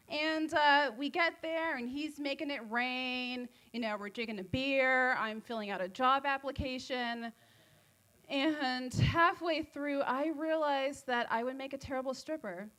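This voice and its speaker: A woman doing a stand-up set at an open mic on a comedy club stage, rambling and giggly, high on edibles, with self-deprecating jokes. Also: unhurried, sharp tone.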